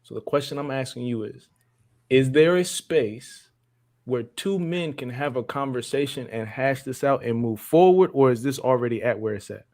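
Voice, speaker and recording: Male host, mid-pitched, insistent, keeps circling back to his question. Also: lively intonation, moderate pace, a little mellow. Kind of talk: moderating a live-stream discussion.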